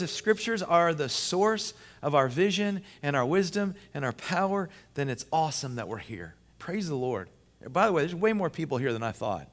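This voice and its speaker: Emphatic preacher in a reverberant hall. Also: male voice, fairly high pitch. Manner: emphatic and repetitive, swinging from loud and rising to hushed and intense. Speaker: pastor. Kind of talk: sermon to a men's gathering.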